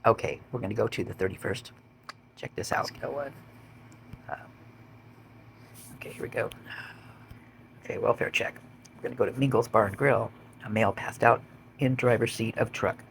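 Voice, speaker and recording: A man's voice: on the low side, moderate pace, creaky, long pauses, a bit bright, a little hiss or hum. A man reading out police call logs and adding blunt, swearing commentary of his own. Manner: blunt, swears when indignant. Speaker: vlogger.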